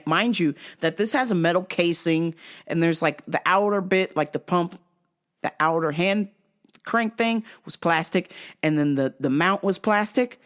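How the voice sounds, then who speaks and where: A young adult woman telling a comic story as a vlogger, swearing freely and breaking into shrieking laughter. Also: low voice. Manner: profane, animated, bursts into shrieking laughter. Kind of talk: comedic storytelling rant.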